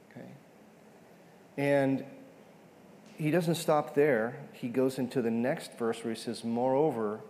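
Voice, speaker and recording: Male preacher, gravelly and dark-toned, conversational sermon delivery with frequent "okay?" check-ins, long hall reverb. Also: mid-range voice. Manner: conversational, repeats "okay?" often. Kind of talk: sermon teaching on a psalm.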